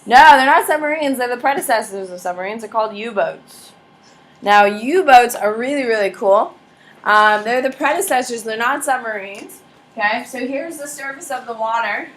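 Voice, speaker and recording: A woman's voice: fairly high pitch, normal speed. A woman teaching a history class in a casual, joking way, quizzing students by name and acting out countries in funny voices. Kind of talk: classroom lecture. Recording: echoey classroom from far off with faint ambience.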